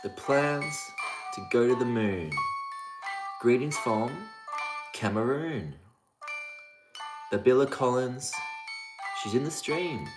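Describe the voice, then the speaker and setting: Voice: mid-range voice, animated, slow, long pauses. A livestream host chatting casually, greeting viewers by name in a sing-song, rhyming patter. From Australia (Victoria). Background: music playing.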